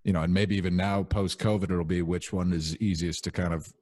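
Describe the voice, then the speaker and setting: A young man hosting a podcast, chatting casually in a relaxed, rambling way with lots of fillers. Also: sits low, fairly quick, no room sound. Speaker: podcast host.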